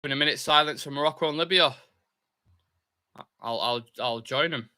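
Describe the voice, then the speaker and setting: This fan channel host is a young man whose voice sits on the high side, moving at a moderate pace. During a live football watchalong he chats loosely, reads viewer comments aloud, and cheers his team in eager bursts.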